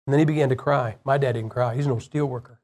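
A man's voice: mid-range voice, fairly even intonation, fast, darkish tone. A man preaching a sermon, telling a personal story in a plain-spoken, conversational way and firing rhetorical questions at the congregation.

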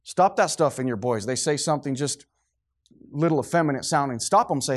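A man's voice: medium pitch, animated, brisk. A middle-aged man preaching a sermon to a congregation, fervent and preachy, sometimes losing his train of thought.

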